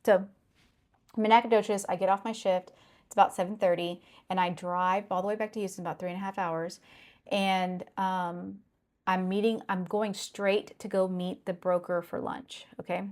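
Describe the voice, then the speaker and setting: A woman's voice: medium pitch, fairly even intonation, moderate pace, a little mellow. A middle-aged woman telling a personal story earnestly, repeating phrases and checking in with "okay?". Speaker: consultant sharing a personal story. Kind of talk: personal testimony.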